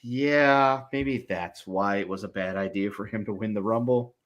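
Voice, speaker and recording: A man's voice: on the low side, normal speed, a bit bright, muffled recording. A man co-hosting a podcast, giving exasperated, rambling opinions in casual chat. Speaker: podcast co-host.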